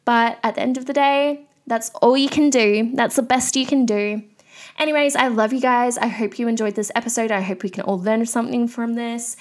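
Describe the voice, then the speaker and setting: A woman's voice: fairly high pitch, fairly even intonation, brisk. A young woman hosting a solo podcast, ranting candidly in a chatty way with lots of fillers. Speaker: podcast host.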